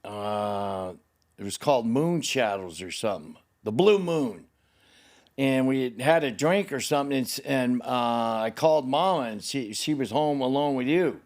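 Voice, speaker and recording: A man's voice: mid-range voice, expressive, moderate pace, darkish tone. An older man telling a personal story in conversation with his son. He rambles, swears freely and grows emotional, acting out the people he talks about. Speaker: guest, the host's father.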